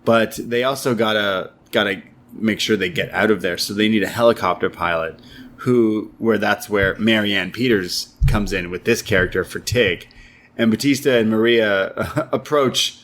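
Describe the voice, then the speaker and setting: Low-ish guy rambling through a movie recap, chatty co-host. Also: moderate pace, fairly bright tone, slight background noise. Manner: rambling retelling with many fillers, acts out quotes. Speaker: podcast co-host, film reviewer. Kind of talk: casual chat.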